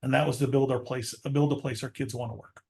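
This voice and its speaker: A man who leads an insurance agency, speaking as a guest in a relaxed podcast chat with stammering restarts. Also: medium pitch, fast, vocal fry. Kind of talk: casual podcast conversation.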